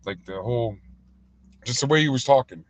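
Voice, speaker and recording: A man's voice: mid-range voice, expressive, brisk, dry recording. Rambling man on a dry close mic. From United States. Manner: rambling, loose and heated, heavy with fillers. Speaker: livestream host and restaurant owner. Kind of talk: casual livestream talk.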